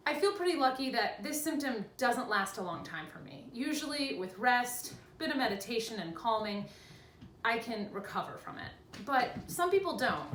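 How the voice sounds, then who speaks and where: Young woman, casual vlog, very animated pitch, echoey room, faint background hum. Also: recorded from a distance. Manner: chatty, animated, laughs easily. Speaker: vlogger. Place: home room with cats.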